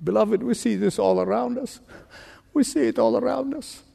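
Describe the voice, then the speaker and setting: Emphatic high-pitched male preacher in a hall. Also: creaky, mellow, husky. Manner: emphatic preaching with dramatic pitch swings and slow stressed phrases. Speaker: pastor. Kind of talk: sermon.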